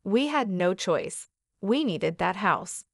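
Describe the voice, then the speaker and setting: A woman's voice: medium pitch, animated, takes it slowly, creaky, no room sound, clean studio sound, heavily acted. A woman voicing an adult man, a deceitful husband who turns urgent and defensive. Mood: pleading. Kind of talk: storytelling dialogue.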